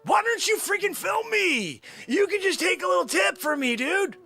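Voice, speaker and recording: A man's voice: very high-pitched, gravelly, soft background music. A man hosting an improvised comedy show, ranting and teasing a coworker with lots of energy. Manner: animated, talks fast to the camera crew.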